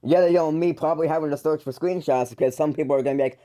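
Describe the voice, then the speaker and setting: A man with a dark, mellow voice ranting through a call-out monologue. He trips over his words and restarts constantly, with a mocking, exasperated edge. His pitch sits in a middling range. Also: racing, hardly any pauses. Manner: rambling, with frequent stumbles and restarts. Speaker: YouTuber calling out his older brother.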